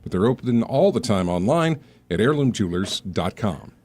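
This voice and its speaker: Chatty low-voiced radio host. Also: male voice, big pitch swings, normal speed, darkish tone. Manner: loose and chatty, with fillers like uh and you know. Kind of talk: conversational live ad read.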